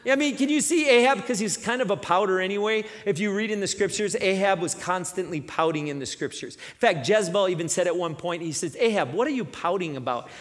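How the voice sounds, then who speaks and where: A man preaching a sermon, retelling a scripture story with lively energy and frequent asides. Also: high voice, a little fast, few pauses, big-room sound. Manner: energetic, acts out characters, frequent "right?".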